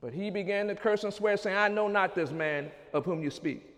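A pastor preaching with a high, ringing voice. He talks to the congregation with call-and-response and builds to shouts. The sound carries a long reverb from a church hall. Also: moderate pace. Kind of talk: sermon.

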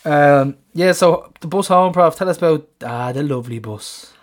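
A man's voice: fairly high pitch, normal speed. A man co-hosting a casual football podcast, full of banter, slang and laughter. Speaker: podcast co-host.

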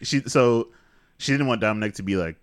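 A man's voice: lowish voice, a little fast, no echo. A man co-hosting a casual movie review chat, laid-back, adding trivia and dry jokes. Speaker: podcast co-host.

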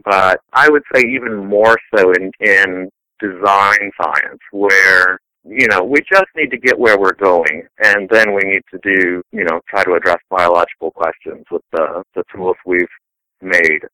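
Bright, crisp-voiced storytelling man. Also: low voice, unhurried, dry recording, poor audio. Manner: rambling anecdotal storyteller. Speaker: scientist guest. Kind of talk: casual conversational interview.

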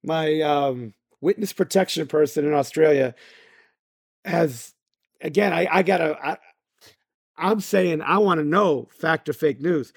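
A man's voice: a little high, measured pace, vocal fry, slightly rough, no echo. Man, podcast co-host, rambling casual talk, dry close sound. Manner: rambling, many fillers and restarts. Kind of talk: casual chat.

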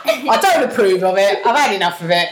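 A woman with a cold and a husky voice, co-hosting a casual comedy podcast in a jokey, self-mocking way. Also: medium pitch, animated, fairly quick. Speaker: podcast co-host. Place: conservatory of a house. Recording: echoey room, heavy hiss.

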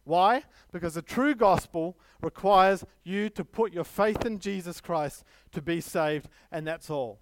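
High-voiced man preaching a sermon. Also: unhurried, few pauses, slight background noise. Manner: emphatic, storytelling, self-deprecating humor.

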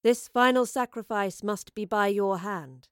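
Woman reading icy fake goddess, slow and low, very dry sound. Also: fairly bright tone, smooth, dry recording, lightly acted. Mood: commanding. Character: scheming woman posing as goddess, cold and commanding.

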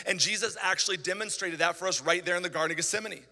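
A man preaching a sermon as pastor, animated and conversational with quick asides to the congregation. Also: sits high, vocal fry, in a large hall.

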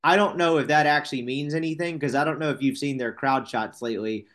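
A man's voice: on the high side, fast talker, a bit bright. Rambling man picking football games. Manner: rambling, self-correcting, wry asides. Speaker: sports podcast host. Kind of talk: casual sports betting chat.

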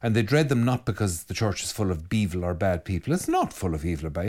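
A man's voice: deep voice, fast talker, hardly any pauses. A man who is a priest, with an Irish accent, bluntly answering listener comments, reading each one aloud before giving his frank reply. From Ireland. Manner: blunt, animated, reads comments aloud then answers them.

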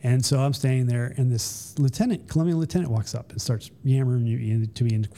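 A middle-aged man from the United States, a retired Special Forces soldier, telling stories casually as a podcast guest and acting out the voices of the people in them. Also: quick pace. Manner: animated, acts out quoted voices with high pitch jumps. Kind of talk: casual storytelling.

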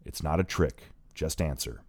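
Man playing a menacing gunman, calm commands, very deep voice, dry close sound. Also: normal speed, no room sound. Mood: stern. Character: menacing armed man, cold and controlled.

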